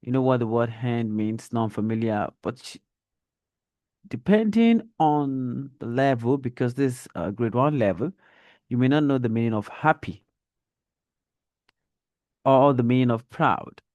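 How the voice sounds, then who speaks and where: Male reading teacher, unhurried and careful, models intonation, dry close sound. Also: medium pitch, animated, a little mellow, dry recording. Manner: slow, deliberate, demonstrates intonation. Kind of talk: online reading lesson.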